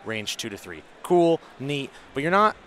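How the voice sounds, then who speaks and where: A man's voice: mid-range voice, sing-song, unhurried, a bit bright. Guy doing casual commentary on a tabletop match, walks through rules step by step, bit of noise behind. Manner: analytical, explains rules in detail.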